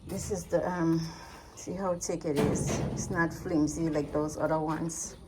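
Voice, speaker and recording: A woman's voice: low-pitched, fairly even intonation, a little slow, loud music behind the voice. An American woman from the United States giving a casual, easygoing walking tour of her rural homestead and talking straight to her viewers, recorded outdoors on a handheld phone. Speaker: vlogger. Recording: loud outdoor background noise.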